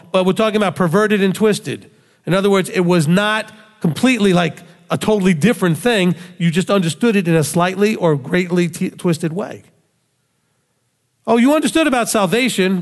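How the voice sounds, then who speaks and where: A man preaching with a high-pitched voice, pressing his point with rhetorical questions and acting out the voices he quotes. His voice rings out with a long reverb behind it. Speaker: rabbi. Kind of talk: sermon.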